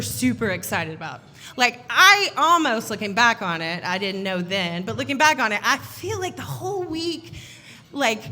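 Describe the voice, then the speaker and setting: A woman giving a funny wedding toast as the groom's sister, animated and laughing as she acts out the voices in her story. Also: a little high. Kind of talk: humorous storytelling speech. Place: wedding reception.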